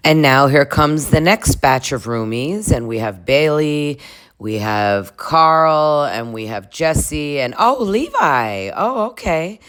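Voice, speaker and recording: Chatty low-voiced woman recapping TV. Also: sing-song, takes it slowly, a bit bright, smooth. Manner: chatty and crude, laughs a lot, puts on voices for cast members. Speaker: recap vlogger. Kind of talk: casual reality TV recap.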